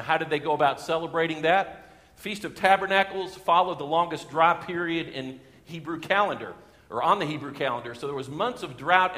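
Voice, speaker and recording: A male pastor preaching in a church sanctuary with a long, ringing reverb behind him. His voice sits a bit higher than most men's, and he swells into forceful emphasis on the lines he wants to land. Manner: emphatic, swelling for key phrases. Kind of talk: sermon.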